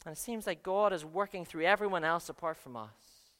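A man preaching in a church, his voice bright, clean and resonant. He is earnest and moves from hushed lines to loud ones. A long reverb from the large hall trails behind each phrase. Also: a little high, brisk. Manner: earnest, swings between soft and loud. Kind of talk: sermon.

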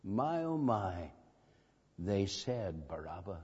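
A man preaches an evangelistic sermon with a slightly high voice, drawing out each phrase slowly and dramatically as he presses his listeners with pointed questions. The sound is dull and lo-fi, with a long reverb from the hall. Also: animated, a little mellow. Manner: slow, dramatic, with emphatic questions. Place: meeting hall.

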